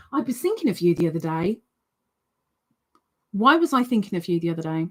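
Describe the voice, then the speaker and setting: This livestream host has a lowish, sing-song voice and talks a little fast, with long pauses. She reads viewers' chat out loud, chatty and teasing, dropping playful sing-song remarks.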